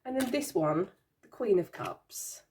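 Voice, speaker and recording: Giggly woman with a lively voice. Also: medium pitch, measured pace, a little hiss or hum. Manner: giggly, amused and baffled, laughing often. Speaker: tarot channel host. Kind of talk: casual show-and-tell chat.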